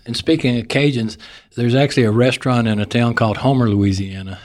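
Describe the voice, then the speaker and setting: A man's voice: medium pitch, steady tone, brisk, a little mellow. Man, texas accent, podcast host, folksy storyteller, casual chat. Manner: folksy, joking storyteller who laughs often.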